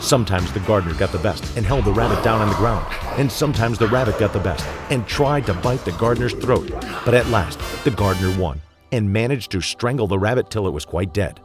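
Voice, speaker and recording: Storybook narrator: man, low, steady and vivid, music bed underneath. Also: fairly quick. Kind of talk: storybook reading for children. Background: background music.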